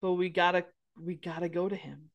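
A woman's voice: lowish voice, little pitch movement, fairly quick, highs cut off. Earnest woman podcast co-host. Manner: earnest, encouraging, rambling with restarts. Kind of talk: casual faith chat.

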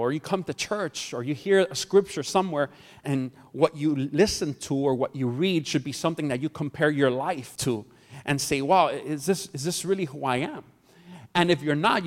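A man preaching a sermon as pastor, telling a story and joking with the congregation. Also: a little high. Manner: jokey, chats with the congregation. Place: church hall. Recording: long hall reverb.

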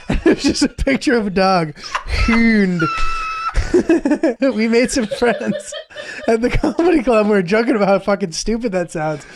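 High, lively man telling a funny story. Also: moderate pace, background noise. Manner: animated, laughing, crude. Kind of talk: casual comedic storytelling.

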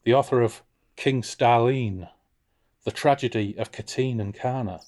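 Homem britânico, fala descontraída e irreverente. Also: male voice, medium pitch, measured pace, darkish tone. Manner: irreverent, jokey. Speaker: podcast host. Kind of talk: casual book discussion with read passages.

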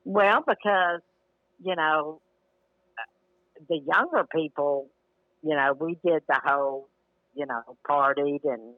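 A man's voice: fairly high pitch, slow pace, long pauses, no room sound, narrow, tinny audio. An older man, telling stories as a podcast guest in a laid-back, rambling way. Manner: laid-back, rambling, hedges with "you know". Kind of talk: casual storytelling chat.

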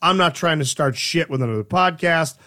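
A man co-hosting a podcast, bantering casually and breaking into loud laughter. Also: a little high. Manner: loud bursts of laughter, quick plugs. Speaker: podcast co-host.

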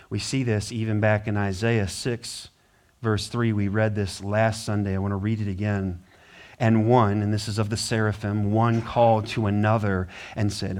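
An American man preaching a sermon as pastor, stressing words by repeating them and swinging from loud bursts to low, hushed passages.

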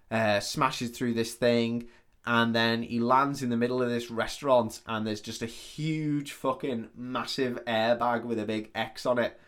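Flat-voiced sweary man retelling a film. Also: mid-range voice, clean tone. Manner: sweary, rambling retelling with quoted dialogue. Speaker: podcast co-host. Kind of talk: casual film recap chat.

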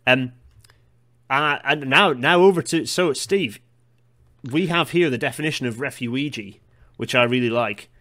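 A man's voice: mid-range voice, unhurried, pauses often, pushed and bright. A man hosting a podcast in casual chat, rambling and digressive, with a self-deprecating manner. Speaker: podcast host.

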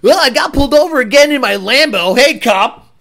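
A man's voice: very high voice, expressive, fairly quick, vocal fry, sharp tone, pitched above the performer's own voice, full character voice. A man voicing a cocky young male speeder who taunts a police officer in a brash, profane way. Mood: taunting.

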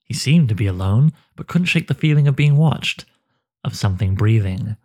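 A man narrating a dark fantasy story in a slow, measured way. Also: mid-range voice, lively intonation.

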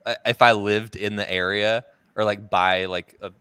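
A man's voice: on the low side, fairly even intonation, normal speed, pushed and bright, clean tone, dry recording. A man hosting a casual interview, easygoing, with frequent laughs and filler words. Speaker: podcast host.

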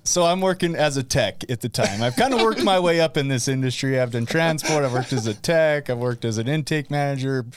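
A man's voice: mid-range voice, fairly quick, few pauses, noisy background. A man who works as an addiction counselor, telling a story in casual conversation and playing out the dialogue. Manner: lively storyteller, plays out dialogue.

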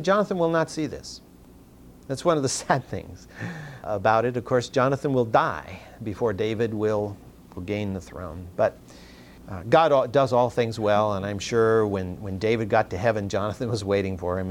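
Delivering an animated sermon, this pastor repeatedly climbs upward in pitch to stress points and doubles back on words when restarting phrases.

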